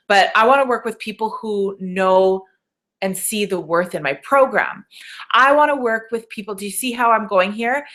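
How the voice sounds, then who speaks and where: A woman's voice: medium pitch, a bit bright. A woman business coach leading a live webinar training, speaking in a motivational way, asking rhetorical questions and often checking in with "okay?".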